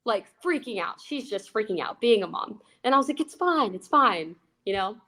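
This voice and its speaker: A young woman, an aquarist, telling a funny work story in a bubbly, excitable, casual way with plenty of fillers. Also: mid-range voice, a little fast. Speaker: aquarist guest.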